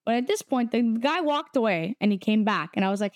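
A young woman recounts something in casual chat, her voice sitting a little high. She slips into the voices of the people in her story. The sound is dry and close. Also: lively intonation, brisk, no echo.

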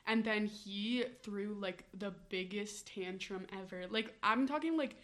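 Young woman podcast cohost, bright tense voice, chatty storyteller. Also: mid-range voice, unhurried. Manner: chatty, many "like" fillers, animated storytelling. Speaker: podcast co-host. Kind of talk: casual chat.

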